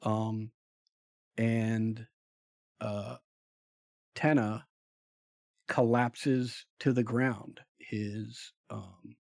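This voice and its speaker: Man, game master, slow deliberate narration with fillers. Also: fairly low pitch, little pitch movement, vocal fry, a little mellow, dry recording, studio quality. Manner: unhurried, hesitant, many fillers.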